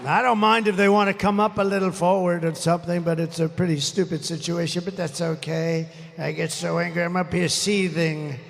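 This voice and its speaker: Gravelly older man at a rally. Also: fairly high pitch, level tone, fairly quick, hardly any pauses, some chatter behind, a little hiss or hum. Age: 70s. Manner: rambling, off-the-cuff, boastful; irritated, swearing and grumbling. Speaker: political rally speaker. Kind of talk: rally speech. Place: large rally venue. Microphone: stage microphone over PA. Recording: reverberant rally venue with faint ambience.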